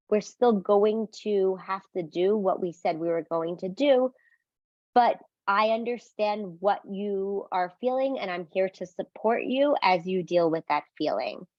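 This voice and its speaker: Calm woman teaching parents, dry dull sound. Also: mid-range voice, unhurried, no echo. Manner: explains calmly, asks "right?", acts out sample phrases for parents. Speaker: parenting educator. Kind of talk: instructional talk.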